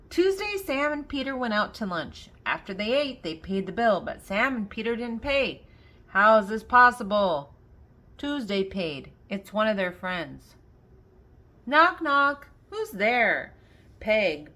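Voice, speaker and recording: A woman's voice: mid-range voice, sing-song, slow, bright, forceful tone. An older woman reading a children's joke book aloud, posing riddles and giving the answers, laughing along at the jokes. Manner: reads riddles then answers, laughing at her own jokes.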